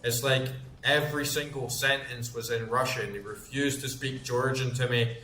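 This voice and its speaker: A man's voice: medium pitch, steady tone, moderate pace, sharp tone, a little hiss or hum. Scottish streamer in his thirties, loose and sweary, mid-range voice in a roomy space. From Scotland. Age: 30s. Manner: rambling, swears freely, chatty storytelling. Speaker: gaming streamer. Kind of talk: casual chat while gaming.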